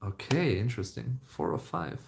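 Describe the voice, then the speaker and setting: A man's voice: lowish voice, very animated, moderate pace, creaky, slight background noise. A young man, chatting casually on a live stream, rambling with lots of fillers and restarts. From Germany. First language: German.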